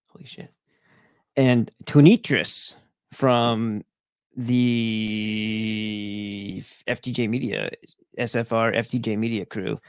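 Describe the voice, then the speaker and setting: A man's voice: medium pitch, no echo. A man hosting his own online show, ranting to viewers in a profane, sarcastic, rambling way. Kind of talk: casual rant to viewers.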